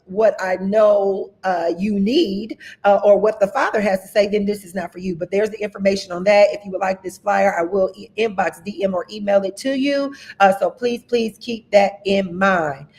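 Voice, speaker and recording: A woman minister hosting a livestream, giving announcements in a lively, preacher-like way and greeting viewers by name. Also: medium pitch, normal speed, few pauses. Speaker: host and minister. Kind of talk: livestream announcements and shout-outs.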